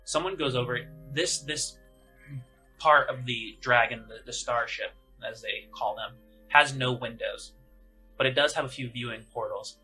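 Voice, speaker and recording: A man's voice: medium pitch, unhurried, bright, forceful tone, soft background music, rough recording. A man narrating as game master of a tabletop game, in a casual, rambling way with many fillers.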